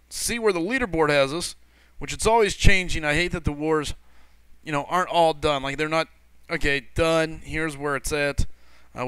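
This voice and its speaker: A man's voice: fairly high pitch, fairly bright tone, smooth, no room sound. A man hosting a gaming livestream in casual chat, greeting viewers and reading their messages aloud in a loose, rambling way. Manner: loose and rambling, with frequent fillers and self-corrections.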